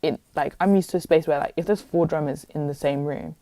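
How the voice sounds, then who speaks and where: A British woman telling stories as a guest in a casual interview, lively and chatty, with lots of "like". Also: sits low, a little fast, no room sound. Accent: British English. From England. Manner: lively, chatty, heavy use of "like". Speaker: guest musician.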